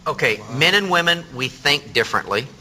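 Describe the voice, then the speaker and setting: Man talk show host, jovial, very bright cutting tone. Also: on the high side, expressive, a little fast, rough recording. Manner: jovial, directs the segment timing. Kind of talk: casual on-air banter.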